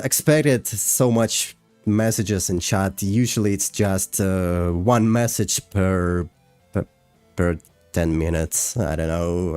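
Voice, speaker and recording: A streamer and animator with a deep voice and a Russian accent speaks slowly in a casual livestream, reading chat and explaining things. He is halting and hesitant, full of fillers and restarts. The audio has no echo.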